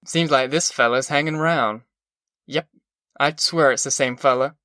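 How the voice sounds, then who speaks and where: A man reading a story, voicing a smug, menacing male deputy sheriff who talks slowly and with a threat. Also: mid-range voice, sharp tone, no echo, clean studio sound, lightly acted. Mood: drawling. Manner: slow, drawling, threatening.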